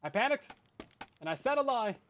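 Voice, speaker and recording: A man's voice: very high-pitched, very animated, a little fast, fairly bright tone. A young man from Canada streaming a survival game, chatting with viewers in a jokey, self-deprecating way from his bedroom. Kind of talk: casual gameplay commentary. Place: hot bedroom.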